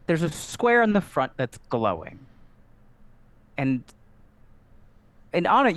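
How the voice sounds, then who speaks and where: A man narrating a tabletop game as dungeon master, in a playful, animated way. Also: on the high side, no room sound. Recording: music underneath.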